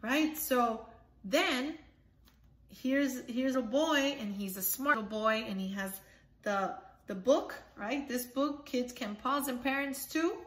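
A woman's voice: on the high side, slow, a bit bright. A woman presenting a children's book, explaining each picture and checking in with a frequent "right?". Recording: echoey room.

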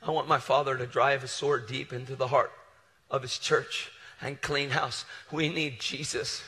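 A man preaches with fervent conviction, swinging from loud declarations to hushed, tender storytelling. His voice is bright and forceful at middle pitch. It rings through a large hall with a long reverb. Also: little pitch movement, normal speed. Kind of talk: sermon. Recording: live sermon in reverberant hall.

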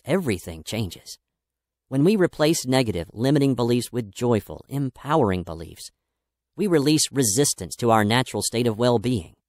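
A man's voice: mid-range voice, a little mellow, no echo, clean studio sound. A man narrating a self-help audiobook in an upbeat, emphatic and encouraging manner.

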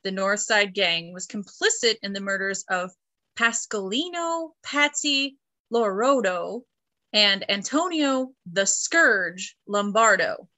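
A woman's voice: mid-range voice, animated, takes it slowly, sharp tone. A woman co-hosting a podcast, reading history notes and throwing in joking asides in casual chat. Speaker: podcast co-host.

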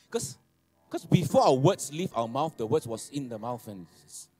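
A man, preaching a sermon, animated and laughing, repeating phrases and asking for amens. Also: mid-range voice, unhurried. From Malaysia. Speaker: pastor. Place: church hall.

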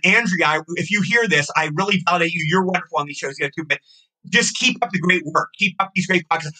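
A man's voice: high voice, pushed and bright, poor audio. A man guest on a podcast, chatting casually in a rambling, effusive way that circles back and repeats itself. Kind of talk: casual chat.

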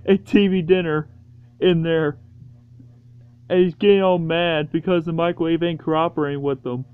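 A man's voice: fairly high pitch, steady tone, normal speed, a little mellow, clean tone. A man chatting casually as he introduces and narrates his own comedy video, rambling along. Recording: dull lo-fi home recording.

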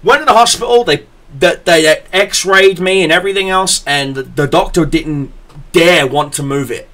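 A young man, a podcast host telling stories in casual chat, profane and animated, acting out the people he quotes. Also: a little high, normal speed.

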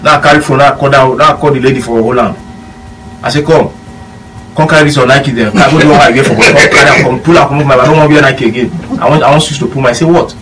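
Nigerian Pidgin man, ex-footballer, quick rambling anecdotes, mic set back, faint hum behind. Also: mid-range voice, fairly even intonation. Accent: Nigerian Pidgin English. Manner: rambling anecdotes with quoted dialogue. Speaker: former footballer guest. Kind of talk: casual storytelling chat. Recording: distant mic with faint room noise.

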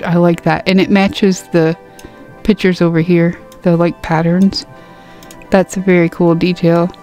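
A woman giving a casual game review, gasping and squealing excitedly over cute items. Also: on the low side. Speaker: gaming YouTuber.

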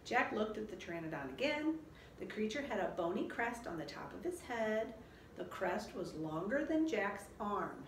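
A woman reading a children's storybook aloud in a slow, expressive storytelling manner. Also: mid-range voice, slight background noise. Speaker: children's book reader. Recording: roomy echo.

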